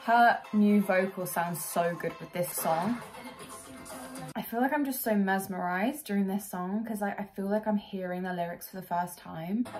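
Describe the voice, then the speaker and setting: Young woman, excitable reaction vlogger, chatty and gushing, song faintly under her voice. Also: mid-range voice. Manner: gushing, excitable, lots of fillers and laughs. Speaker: music reaction youtuber. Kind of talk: casual reaction commentary. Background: music playing faintly.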